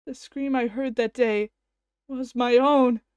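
A woman's voice: a little high, fairly even intonation, slow, a little mellow, clean tone, no echo. A woman voicing a guilt-stricken young male scientist, narrating with anguish as she reads a visual novel aloud. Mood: shattered. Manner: anguished first-person narration.

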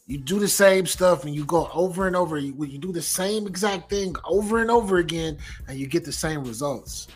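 A man's voice: fairly high pitch, a little fast, hardly any pauses, slightly rough, soft background music. A middle-aged man hosting a sports reaction channel, ranting emphatically, repeating himself and swearing. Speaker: sports commentary host.

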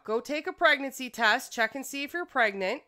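This is a woman hosting a casual gaming video, exclaiming and cajoling as she directs her game characters. Her voice sits high and bright. Her pitch swings all over the place. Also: animated, normal speed. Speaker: gaming channel host. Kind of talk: casual let's-play commentary.

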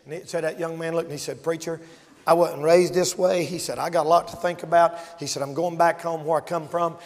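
A man preaches a revival sermon in a high, ringing voice. He shouts his warnings, then drops to a hushed tone to tell his stories. The sound carries a long reverb, like a large church hall. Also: steady tone, fast talker. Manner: swings from shouting to hushed storytelling.

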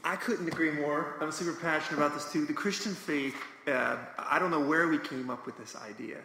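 A man's voice: fairly high pitch, brisk, pushed and bright. A man on a live panel discussion who is also a musician, speaking earnestly and enthusiastically, with emphatic asides. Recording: echoey live hall with faint noise.

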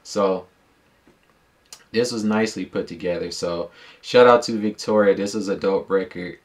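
A music reaction YouTuber with a deep, low male voice chats casually about a song into a dedicated mic. He's relaxed and slangy, thinking out loud with easy filler words at a moderate pace, leaving long pauses.

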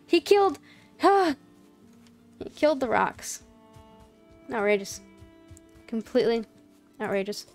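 A woman's voice: a little high, sing-song, slow pace, long pauses, soft background music. A woman commentating her own gameplay in a casual, playful way, chatting to the game's creatures and apologizing to them. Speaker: gaming channel host.

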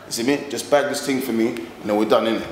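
A man playing a commanding gang leader, brisk and even in mid pitch. His steady orders echo around a reverberant room. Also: a crowd in the background, close to an everyday voice. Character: calm, controlling young gang boss. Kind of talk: indie street film acting.

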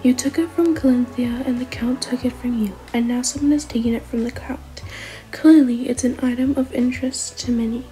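A woman whispering as a tired, wry heroine who questions and teases in a soft, mellow voice, in a whispered role-play story with faint music behind. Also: a little high, fairly even intonation, brisk, natural voice, poor audio. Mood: pressing. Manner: dry, wry. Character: weary, dry-witted female adventurer.

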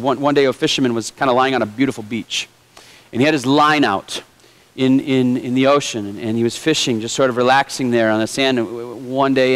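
A man's voice: medium pitch, poor audio. A male pastor preaching a sermon in a conversational way with light humor. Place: church.

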